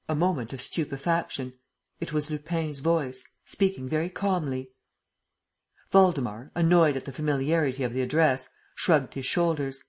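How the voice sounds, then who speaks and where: A reader narrating a classic novel as an audiobook in a steady, measured way. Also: medium pitch.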